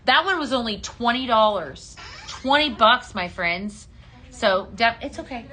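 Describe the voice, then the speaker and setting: Woman, live shopping host, chatty and upbeat, bright tone, somewhat high voice. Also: expressive, measured pace. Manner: chatty and upbeat, many ums, calls viewers "my friends". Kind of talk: casual live-stream product showcase.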